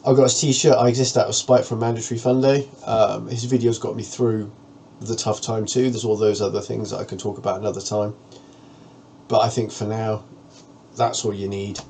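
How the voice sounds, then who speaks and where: Gravelly low-voiced man, frank. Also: flat delivery, normal speed, a little mellow, slight background noise. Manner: frank, plain-spoken, earnest. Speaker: vlogger. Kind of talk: candid personal monologue to camera.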